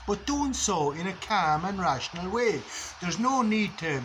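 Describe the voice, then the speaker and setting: A man's voice: high-pitched, animated, measured pace, fairly bright tone, a little hiss or hum, poor audio. An Irish man giving a blunt, rambling philosophical monologue, swearing freely as a vlogger.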